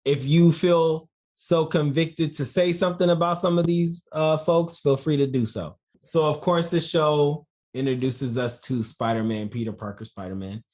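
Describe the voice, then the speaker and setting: A man hosting a casual podcast, playful and quick to laugh. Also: a little high, a little mellow. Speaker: podcast host. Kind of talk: casual chat.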